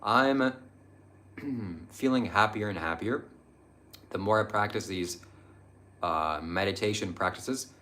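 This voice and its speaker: A man's voice: lowish voice, fairly bright tone. A young man hosting a live stream, answering viewer chat about spirituality in an earnest, meandering way with frequent hesitations.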